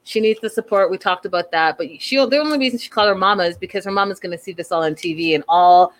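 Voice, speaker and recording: A woman in casual chat, recapping a reality show in a gossipy, animated way and quoting the cast as she goes. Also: mid-range voice, fast. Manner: chatty, gossipy, animated retelling with quoted lines.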